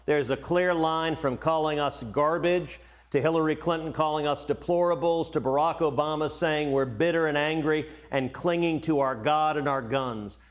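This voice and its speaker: Middle-aged male senator guest, higher-pitched, emphatic, stumbles on repeated openers. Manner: emphatic, repeats words when starting sentences. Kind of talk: cable news interview.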